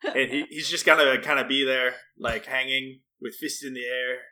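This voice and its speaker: A man's voice: medium pitch, steady tone, normal speed, bright, forceful tone. A man playing a tabletop role-playing game, describing his character in a laid-back way. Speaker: player. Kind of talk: casual tabletop game play.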